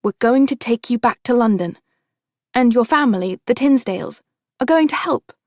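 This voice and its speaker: A woman's voice: on the high side, lively intonation, normal speed, a little mellow, no room sound, studio quality. A woman voicing an earnest young woman, Molly. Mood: eager.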